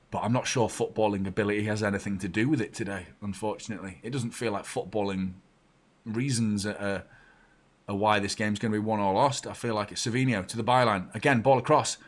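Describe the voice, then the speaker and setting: Male watchalong host, young adult, sweary, swings from shouting to mumbling. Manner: excitable and sweary, jumping from shouts to low muttering. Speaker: football fan channel host. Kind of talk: live match watchalong commentary.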